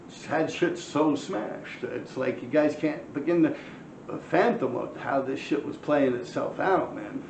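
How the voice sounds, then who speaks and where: A man's voice: mid-range voice, unhurried, vocal fry, darkish tone, slight background noise. A middle-aged man, telling profane street stories to a camera in casual storytelling. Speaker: former graffiti writer telling stories. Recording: echoey room, slightly dull sound.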